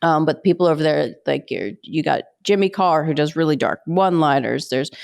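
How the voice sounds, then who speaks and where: A woman in her thirties with a light Pittsburgh accent, talking as a guest in a casual podcast interview. Her voice sits a little low. She wanders off on tangents, pokes fun at herself and laughs easily. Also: a little fast, gravelly. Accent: mild Pittsburgh American. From Pittsburgh, USA. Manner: rambling, self-deprecating, laughs often, animated when acting out voices. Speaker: guest, comedian and military spouse.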